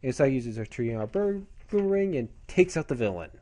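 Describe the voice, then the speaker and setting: A man's voice: medium pitch, big pitch swings, fast, warm tone. A man casually recapping a comic chapter as a reviewer, in a rambling, chatty way.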